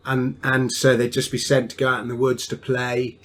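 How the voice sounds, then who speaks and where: A man's voice: mid-range voice, completely flat delivery, normal speed. A man, a podcast guest telling a family story at an easy, rambling pace with frequent restarts.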